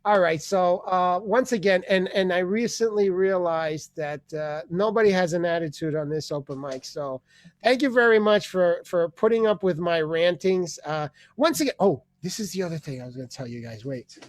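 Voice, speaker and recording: A man's voice: sits high, normal speed, no room sound. A man hosting an online open mic, ranting and rambling with profanity and sudden voice changes, over a video call. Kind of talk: comedy rant.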